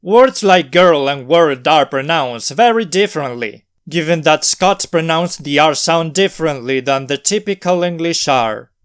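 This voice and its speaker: Man, fairly high voice, smooth and clear, scripted lesson narration, careful and measured. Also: lively intonation. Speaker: language video host.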